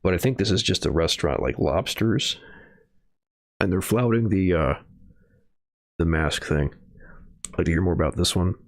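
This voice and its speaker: A man's voice: low-pitched, animated, moderate pace, long pauses, no echo, clean studio sound. A man streaming from home, reading news headlines and adding rambling, sarcastic asides. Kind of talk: casual livestream commentary.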